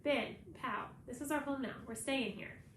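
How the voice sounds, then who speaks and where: A woman's voice: sits high, normal speed, a bit bright, slight background noise, pitched above the performer's own voice. A woman reading aloud voices a father who teases his son and then stays firm, in an echoey room. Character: Ben's father, teasing and firm.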